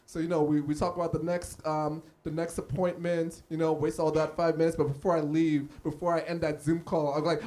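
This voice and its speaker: A man's voice: a little high, fairly quick, few pauses. A man performing a live stand-up set in a small cafe, telling stories and acting out the people in them. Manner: animated, acts out characters in his stories. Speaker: stand-up comedian. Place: small cafe comedy stage.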